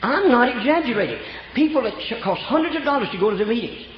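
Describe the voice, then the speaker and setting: A man's voice: extremely high pitch, expressive, fast, music in the background. An older man preaching a folksy storytelling sermon, from Oklahoma, with homespun rural grammar. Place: church. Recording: echoey church room, dull lo-fi sound.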